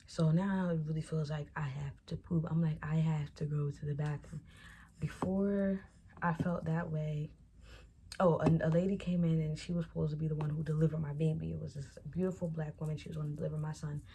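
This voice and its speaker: A woman's voice: deep voice, fairly quick, slight background noise. A young woman vlogger telling a storytime casually and chattily, acting out what others said. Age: young adult. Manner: chatty, animated retelling that acts out quoted dialogue.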